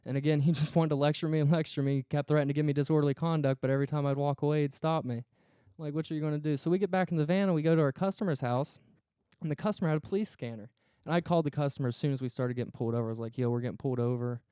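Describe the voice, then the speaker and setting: A man's voice: fairly high pitch, fairly even intonation, rapid-fire, mellow, clean tone, no room sound, clean studio sound. A man co-hosting a podcast, telling a story in a casual, profane way and acting out the quoted dialogue. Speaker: podcast co-host.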